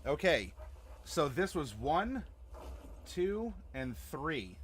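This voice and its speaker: A man's voice: fairly high pitch, big pitch swings, extremely slow, slight background noise. A young man hosting a live stream as game master, chatting casually and rambling with many fillers and restarts.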